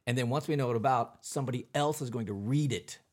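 A man's voice: mid-range voice, quick pace. A man co-hosting a podcast in a studio, chatting casually and rambling with fillers. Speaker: podcast co-host. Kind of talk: casual chat.

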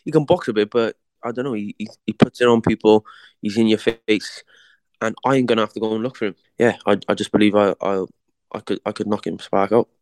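A man's voice: fairly low pitch, fairly even intonation, a little fast, darkish tone, no room sound. A young man, a boxer, chatting casually in an interview, slangy and repeating words as he tells his story.

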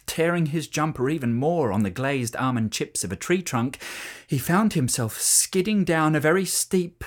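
Reading a children's story aloud, a storyteller performs it in an expressive, animated way with a mid-range voice.

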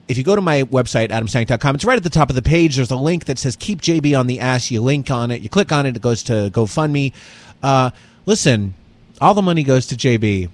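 A male comedian hosts his own podcast in loose, casual chat. His voice moves a lot in pitch, and he keeps teasing his co-host and sliding into put-on accents for a laugh. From New York-based. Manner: playful, drifts into joking accents.

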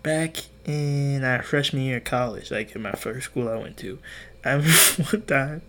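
A man's voice: mid-range voice, normal speed, sharp tone, a little hiss or hum. A young man in his twenties hosting a podcast, telling rambling, profane stories in casual chat. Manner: rambling, profane, restarts and acts out quotes. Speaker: podcast host. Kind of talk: casual storytelling monologue.

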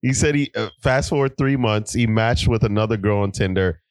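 A man's voice: lowish voice, a little fast, no room sound. A man co-hosting a podcast, reading a story aloud in casual chat and laughing often as he goes. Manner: laughs often while reading, loose and joking. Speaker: podcast co-host. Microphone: podcast microphone.

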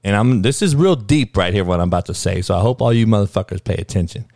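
Male host, profane heated rant, street slang, lively swooping pitch, dry close sound. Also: quick pace, gravelly, no echo. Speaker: sports talk show host.

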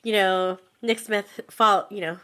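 A young woman co-hosting a podcast, telling an excitable story in casual chat, full of "like" and laughter. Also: mid-range voice, a little slow. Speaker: podcast co-host.

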